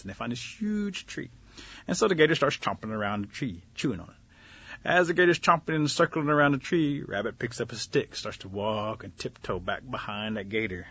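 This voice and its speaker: A man telling a folktale aloud as a radio host and storyteller, animated and chuckling at his own tale. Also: medium pitch, husky. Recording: dull lo-fi radio recording.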